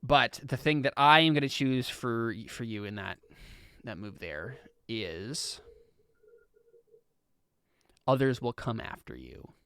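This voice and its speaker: A man's voice: mid-range voice, expressive, bright, forceful tone, smooth, dry recording. A man running a tabletop game as game master, talking casually with many restarts. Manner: casual, halting with restarts and fillers.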